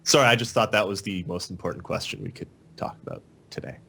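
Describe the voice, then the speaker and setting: A man's voice: sits low, fast talker, gravelly, fairly bright tone, breathy edge. Man steering a casual podcast chat. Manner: steers the talk to the next topic. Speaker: podcast host.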